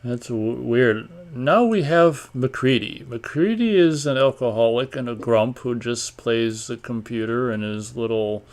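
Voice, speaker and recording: A man of middling pitch hosts a live stream, reading viewer comments aloud and riffing on them. He talks in a loose, rambling, offhand way and keeps stopping to clear his throat. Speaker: host of a live online radio stream.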